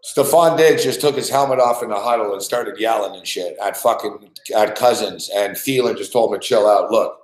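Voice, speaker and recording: A man's voice: on the low side, moderate pace. Guy ranting and cussing at a game he's losing bets on, kinda roomy sound. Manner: frustrated, profane, ranting, repetitive. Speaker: podcast host reacting to a live game. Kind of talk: casual live reaction rant.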